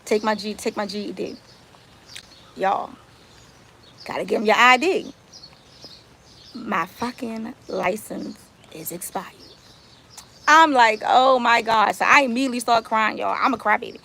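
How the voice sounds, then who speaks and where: A woman, telling a story on a live stream in casual, animated talk and swearing freely. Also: medium pitch, measured pace, creaky, pauses often, a little hiss or hum. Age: 30s. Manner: animated, swears freely, talks straight to viewers. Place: outdoors.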